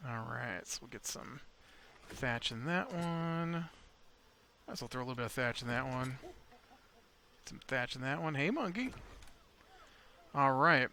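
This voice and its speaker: A man's voice: medium pitch, animated, a little slow, long pauses, pushed and bright, a little hiss or hum. A man rambling through casual gameplay commentary as a video host, chatting to his in-game pet dinosaur.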